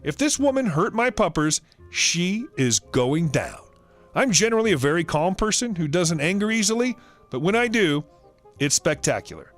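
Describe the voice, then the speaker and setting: Male host narrating online stories, scripted and expressive, high and animated voice. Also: brisk, faint music behind. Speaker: story narrator.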